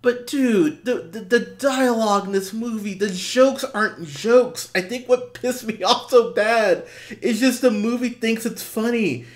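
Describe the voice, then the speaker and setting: A man co-hosting a movie podcast, talking in a casual, exasperated way with lots of swearing and restarts. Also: measured pace. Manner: acts out quotes in high mocking voices. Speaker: podcast co-host, film reviewer. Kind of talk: casual chat.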